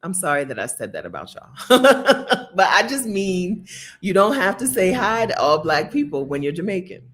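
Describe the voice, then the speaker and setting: Speaking at a moderate pace in a lowish voice, this woman from the United States shares travel tales with her viewers from Bogota. As a travel vlogger, her storytelling is animated, casual, and full of laughter.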